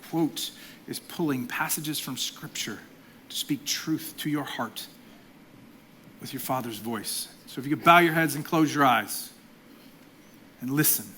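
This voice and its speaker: Bright-voiced man preaching a sermon. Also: a little high, a little hiss or hum. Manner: emphatic, varies between loud exhortation and soft intimate delivery. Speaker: executive pastor.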